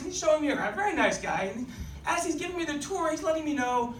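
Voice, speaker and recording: A man's voice: extremely high pitch, lively intonation, fast talker, a bit bright, far from the mic, a little hiss or hum. A man doing stand-up comedy at an open mic in a small comedy club, with chatty, self-deprecating storytelling. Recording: roomy club, mic heard from afar. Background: small audience laughing.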